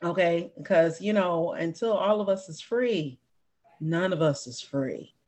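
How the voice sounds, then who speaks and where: A woman's voice: on the low side, unhurried, crowd noise. Playful woman podcast host. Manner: animated, playful, laughs often. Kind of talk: casual podcast chat.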